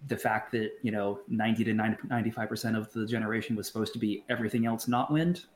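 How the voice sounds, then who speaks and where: A man co-hosting a podcast in casual chat, blunt and profane, talking in halting stops and restarts. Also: lowish voice, fairly even intonation. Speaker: podcast co-host. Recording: roomy echo, faint background noise.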